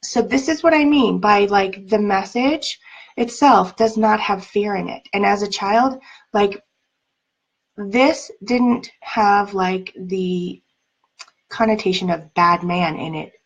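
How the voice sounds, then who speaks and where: A woman's voice: medium pitch, slow pace, lo-fi sound. A woman life coach telling personal stories in a casual teaching talk, chatty and full of "like" and "um", laughing lightly now and then.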